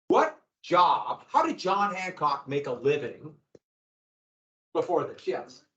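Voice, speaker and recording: A man teaching a history class, lecturing in an animated way with asides and acted-out quotes. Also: on the high side, takes it slowly, a little hiss or hum. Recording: roomy, dull lo-fi classroom recording.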